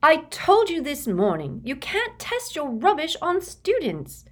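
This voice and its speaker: A woman's voice: mid-range voice, sing-song, slow, fairly bright tone, voice pushed up, heavily acted. A woman voicing a bossy, indignant teenage schoolgirl witch who scolds sharply and emphatically.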